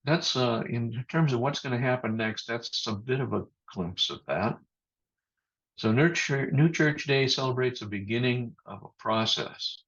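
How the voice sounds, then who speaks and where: A man giving a thoughtful sermon as pastor over a video call, speaking in a measured way with pauses and restarts. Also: lowish voice, a bit bright, breathy edge. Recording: muffled video-call audio.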